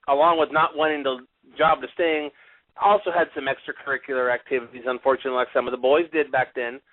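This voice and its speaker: A man co-hosting a casual radio talk show, telling stories in a lively, animated way. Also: mid-range voice, no echo. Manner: animated, vivid storytelling. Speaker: podcast co-host. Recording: tinny phone-like radio audio.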